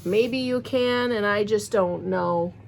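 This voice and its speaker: A Wisconsin woman who vlogs about crochet rambles in a friendly, casual way to her audience as she opens a box of crochet supplies. She speaks slowly in a mid-range, gravelly, somewhat dark voice, over a slight hiss or hum.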